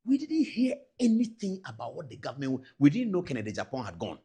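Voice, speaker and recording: A man with a Ghanaian accent, a TV show host giving animated political commentary. He talks straight to the viewers in an emphatic, exasperated way and mixes English with Twi phrases. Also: on the high side, fast, slightly rough.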